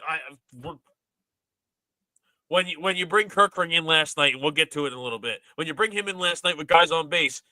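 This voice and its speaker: High bright-voiced man ranting casually. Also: fairly quick, dry recording, low-quality recording. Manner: animated, exasperated ranting. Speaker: podcast host. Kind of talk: casual sports chat.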